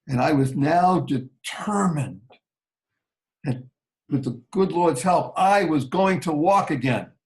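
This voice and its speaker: A man telling a personal story slowly and earnestly as an interview guest. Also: fairly high pitch, animated, rough recording.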